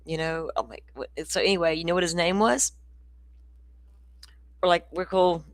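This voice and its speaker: A woman from Florida with a Southern accent, talking low and loose as she hosts a true crime stream. She chats with viewers, wanders into side stories and laughs easily. Her voice sits close and dry, with little room sound. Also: fairly even intonation, moderate pace, no echo. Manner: chatty, laughing, storytelling asides. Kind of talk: casual livestream chat.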